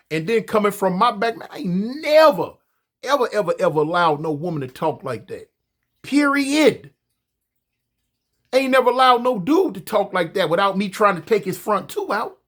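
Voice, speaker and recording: A man telling a story casually, animated and profane, often stammering and repeating himself. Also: sits high.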